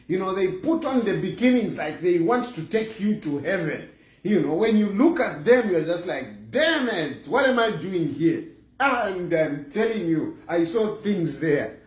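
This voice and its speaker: High-voiced Zambian man spinning a comic tale. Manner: animated, chuckling, lots of "you know" fillers. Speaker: vlogger. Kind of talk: comic personal storytelling. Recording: roomy echo.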